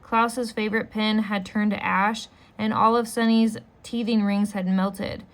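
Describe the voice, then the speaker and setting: A woman reading a children's novel aloud as a storyteller, steady and unhurried. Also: mid-range voice.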